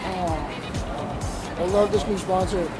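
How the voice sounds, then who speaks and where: A man putting on a high, overexcited voice in a comedic fake ad skit. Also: fairly even intonation, slow pace. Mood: excited. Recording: loud music and crowd noise.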